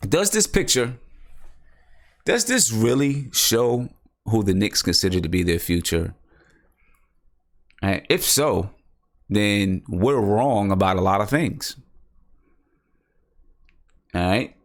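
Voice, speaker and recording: Low-voiced man rambling about basketball. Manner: rambling, repeats himself, thinks aloud. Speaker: basketball podcast host. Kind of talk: casual live-stream sports talk.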